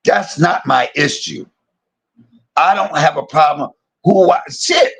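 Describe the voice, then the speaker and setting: A man's voice: fairly high pitch, takes it slowly, gravelly, fairly bright tone, breathy edge. A man on his own livestream, delivering a heated, profane and confrontational rant that circles back on itself and repeats points. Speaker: live streamer.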